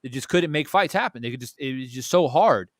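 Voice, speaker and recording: A man's voice: medium pitch, brisk, no room sound, clean studio sound. A young adult man hosting a boxing talk show, speaking in a casual, blunt way with swearing and many restarts while he tells a story. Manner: animated storytelling with many restarts and repeated words. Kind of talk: casual chat.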